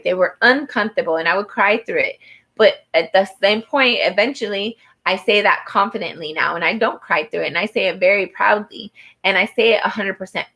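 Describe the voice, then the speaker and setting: A woman's voice: mid-range voice, a bit bright, poor audio. A woman doing a personal tarot reading who talks to the viewer in an earnest, encouraging way, with many fillers and restarts. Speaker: tarot reader.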